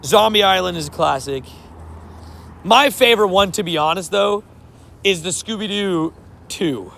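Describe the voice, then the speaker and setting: A man's voice: sits high, moderate pace, gravelly, bright, forceful tone, slight background noise. A man streaming a mobile game, chatting casually with his viewers. He laughs often and trips over his words.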